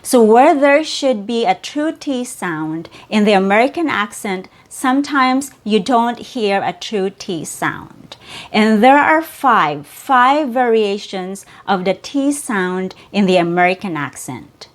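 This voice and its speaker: A woman whose first language is Cebuano, teaching an English pronunciation lesson and slowly repeating sounds and words for the learner. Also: mid-range voice, animated. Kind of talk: slow, clear pronunciation lesson.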